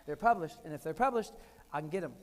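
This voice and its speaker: A man's voice: a little high, expressive, fast talker. An older American man giving a keynote talk, telling funny personal stories in short, punchy phrases. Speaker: keynote speaker. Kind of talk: humorous keynote storytelling. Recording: echoey hall.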